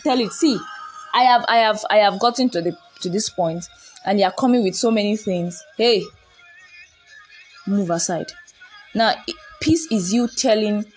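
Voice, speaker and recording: A woman's voice: medium pitch, poor audio. A woman giving a faith-based motivational talk, emphatic and commanding, repeating her points and laughing often.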